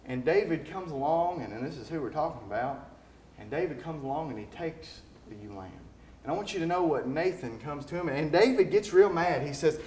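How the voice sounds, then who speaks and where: A man preaching a sermon, moving between quiet, folksy retelling and loud, climbing exhortation. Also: on the high side, expressive, fairly quick, echoey room. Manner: swings from quiet storytelling to loud, rising exhortation. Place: church sanctuary.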